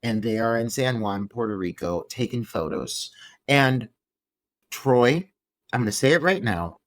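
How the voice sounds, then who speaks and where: A man's voice: medium pitch, expressive, a little slow, no room sound. A man co-hosting a movie podcast, ranting with exasperation in casual chat. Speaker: podcast co-host.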